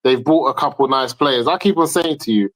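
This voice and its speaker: A man's voice: medium pitch, fairly quick, a bit bright, poor audio. A man arguing his point emphatically in a heated football debate, repeating himself for stress.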